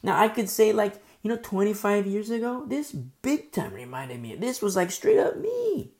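With a mid-range voice at a moderate pace, a middle-aged woman gives an informal Bible study sermon that feels like conversation. She leans on repeated key phrases and stammers as her excitement builds.

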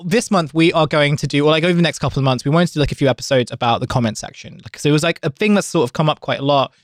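A man's voice: mid-range voice, no echo, studio quality. A man hosting a podcast in casual chat, rambling with many "like" fillers. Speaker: podcast host.

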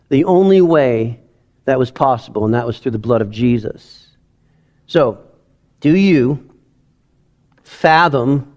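A man preaches in a church sanctuary, his slightly high voice moving between chatty confession and fervent emphasis. He sounds like a middle-aged pastor, personal and emotional, leaning into repeated lines. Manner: conversational, emotional, swings from quiet to loud emphasis. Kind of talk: sermon.

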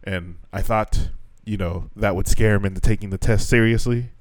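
A young man, a teacher, telling a frustrating work story on a podcast, animated and swearing freely as he acts out what people said. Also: lowish voice, normal speed. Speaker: podcast co-host; assistant language teacher in Japan. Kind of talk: casual chat.

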